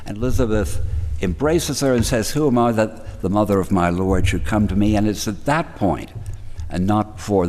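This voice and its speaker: Male preacher, measured and reflective, low voice, long reverb of a hall. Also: a little mellow. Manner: thoughtful, measured, with pauses and restarts. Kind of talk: reflective sermon.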